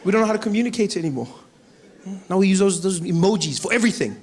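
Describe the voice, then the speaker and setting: A man, doing lively stand-up comedy on a stage before a live audience. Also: high voice, fast, husky, some chatter behind. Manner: animated storytelling with acted-out voices.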